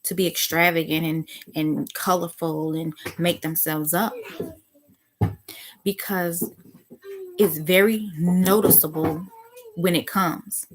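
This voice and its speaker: A soft-spoken woman giving a reflective spiritual talk as a teacher. She thinks aloud with restarts and bursts into sudden excited exclamations. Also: fairly low pitch, slow pace, long pauses, slight background noise.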